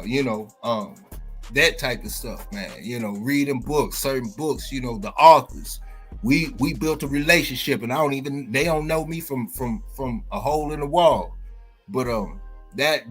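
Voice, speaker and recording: A man's voice: medium pitch, unhurried, a bit bright, breathy edge, faint music behind. A man talking casually on a podcast, laid-back and full of fillers, laughing easily. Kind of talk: casual chat.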